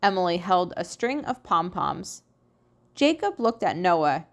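A woman reads a children's storybook aloud. Her voice rises and falls in a lively, sing-song way, and she takes her time with each phrase. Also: on the low side, measured pace. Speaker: storybook reader. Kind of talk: children's read-aloud narration.

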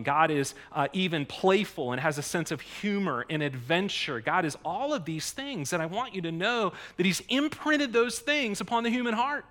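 Animated bright-voiced male preacher. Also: fairly high pitch. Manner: conversational, animated, self-interrupting with asides. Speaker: pastor. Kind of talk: sermon.

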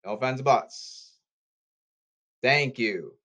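A man in a rambling monologue, repeating commands and calls, with loud bursts and sudden drops in volume. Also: mid-range voice, extremely slow. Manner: repetitive, issuing commands and calls.

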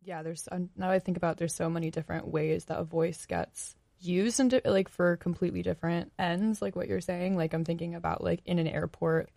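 Gravelly, rambling young woman chatting. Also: lowish voice, fairly even intonation, brisk, few pauses, mellow, dry recording. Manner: rambling, searching for words, many "like"s. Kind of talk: casual chat.

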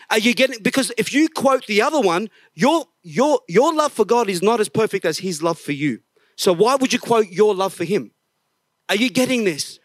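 A middle-aged man preaches to a church service, his voice sitting high for a man. He leans hard on his points, drops to a hush, then lifts again, and sometimes sings a line of a hymn. The sound is close and dry. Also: animated, moderate pace, no echo. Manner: emphatic, swings from hushed to raised, sings snatches of songs. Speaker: pastor. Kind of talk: sermon.

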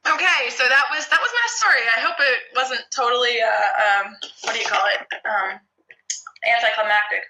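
A woman podcast guest telling a story casually, animated and laughing, swearing freely. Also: on the high side, normal speed, low-quality recording.

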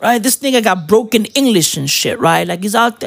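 A man's voice: high-pitched, expressive, fairly quick, vocal fry, few pauses. A man ranting about his football club in a casual, slangy style, swearing and tagging his lines with "right?" and "bruv". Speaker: football fan vlogger.

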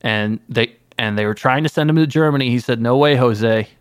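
A man playing a guest in an improvised comedy interview, telling absurd stories with mock-earnest deadpan. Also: mid-range voice, a little fast, smooth, dry recording, studio quality. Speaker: guest playing an anime creator.

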